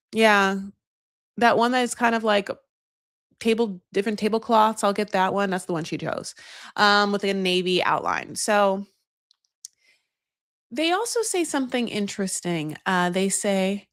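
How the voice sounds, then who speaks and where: A woman recaps a reality show in a casual, chatty way. She is animated and sarcastic and swears freely. Her voice sits at a middle pitch, and the sound is dry and close. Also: measured pace, no echo. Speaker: host.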